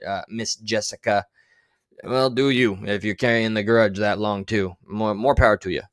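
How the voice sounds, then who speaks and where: A lowish male voice with fairly even intonation moves at a moderate pace, recorded without room sound. He's a livestream commentator swearing a lot as he gives blunt, sarcastic takes on the clips he plays.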